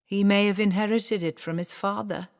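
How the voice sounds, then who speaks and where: A woman voicing an excitable male dwarf playwright, reading with urgent, breathless bursts in a long-reverb hall recording. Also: medium pitch, normal speed, pitched above the performer's own voice, lightly acted. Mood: earnest.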